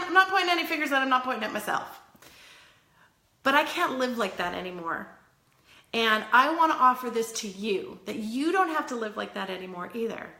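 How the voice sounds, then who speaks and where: Woman with a bright slightly high voice doing a motivational wellness talk, echoey room. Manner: earnest, tough-love, chatty asides. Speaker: wellness vlogger.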